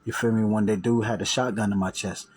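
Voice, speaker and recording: A man with a fairly low voice tells his viewers a story in loose, profane slang, circling back and repeating words as he goes. He talks casually and directly to the camera. A faint ambient hiss sits behind him. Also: fairly even intonation, fairly quick, low-quality recording. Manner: slangy, profane, repeats and restarts, acts out quoted voices loudly. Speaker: vlogger telling a story.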